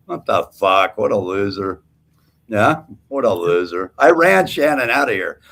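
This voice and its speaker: A man's voice: fairly low pitch, animated, unhurried, vocal fry, fairly bright tone. A man hosting a livestream panel, taunting and cursing at a rival in heated trash talk. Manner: profane, taunting, mocking. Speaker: livestream host.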